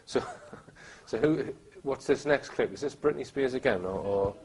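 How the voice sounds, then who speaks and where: A man's voice: mid-range voice, measured pace, a little mellow. A man hosting an interview, asking short follow-up questions. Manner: brief prompts and follow-up questions. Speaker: host. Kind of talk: conversational interview.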